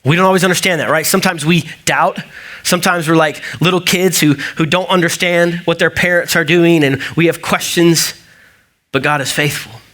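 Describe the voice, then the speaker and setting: A man's voice: fairly high pitch, steady tone, normal speed, a bit bright. A man preaching a sermon as pastor, talking casually, telling stories with asides and fillers. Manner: conversational, storytelling with asides and fillers.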